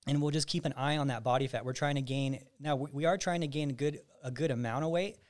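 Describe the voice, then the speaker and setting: A man's voice: mid-range voice, fast, a little mellow. A man, a physique coach and podcast host, explaining his methods in casual chat and often restarting sentences. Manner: explains at length with frequent restarts.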